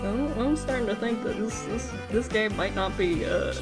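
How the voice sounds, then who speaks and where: A woman's voice: fairly high pitch, expressive, moderate pace. A young adult woman casually commenting on a story game as she streams, reacting dramatically and swearing now and then. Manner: dramatic, swears, loud outbursts and laughs. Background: game music.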